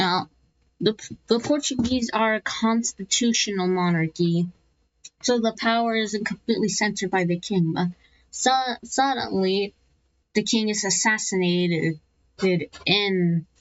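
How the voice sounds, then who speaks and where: A woman casually narrating over an animated map, rambling and correcting herself as she goes, slipping into playful asides. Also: mid-range voice, muffled recording.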